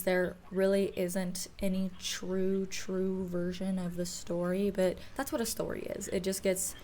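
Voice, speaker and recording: A woman's voice: on the low side, darkish tone, slight background noise, low-quality recording. A young woman telling folklore on her vlog in a loose, profane, self-mocking way. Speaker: folklore vlogger. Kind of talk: casual storytelling vlog.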